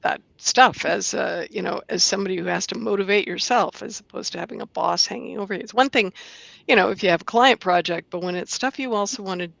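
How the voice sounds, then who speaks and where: A woman's voice: medium pitch, fast talker, creaky, fairly bright tone, no room sound. A woman hosting a casual interview, talking conversationally and affirming with short replies. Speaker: host. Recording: dry, dull lo-fi sound.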